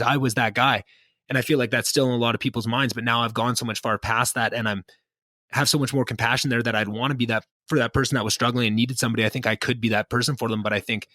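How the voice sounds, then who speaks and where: A young man hosts a relaxed catch-up podcast, speaking quickly. His tone is earnest and reflective, full of fillers and restarts. The recording is close and dry, with little room sound. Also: medium pitch, dry recording. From Canada. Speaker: podcast host. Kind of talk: casual catch-up chat.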